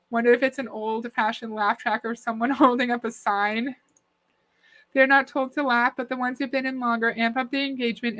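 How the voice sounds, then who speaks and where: A woman's voice: on the high side, pushed and bright. A woman hosting a reaction commentary, chatting skeptically and reading out viewer comments. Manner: skeptical, conversational, often laughing. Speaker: commentary host.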